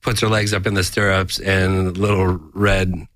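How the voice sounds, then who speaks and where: Deep-voiced relaxed man in casual chat. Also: unhurried, dry recording. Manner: relaxed, laughing, self-deprecating. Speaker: guest, cinematographer.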